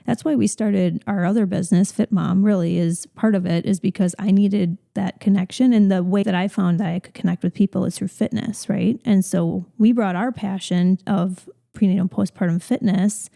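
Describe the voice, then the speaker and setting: A woman's voice: medium pitch, fairly even intonation, normal speed, vocal fry, hardly any pauses, dark tone. A woman in her thirties co-hosting a podcast, chatting in a relatable, casual way. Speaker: podcast co-host, fitness business owner. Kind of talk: casual chat.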